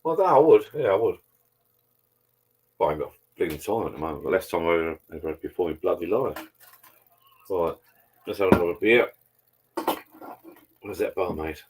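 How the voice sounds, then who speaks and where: A man's voice: low voice, lively intonation, brisk, long pauses, a little mellow, a little hiss or hum. A man hosting a live stream, chatting casually and rambling over beers, swearing freely as he talks to viewers.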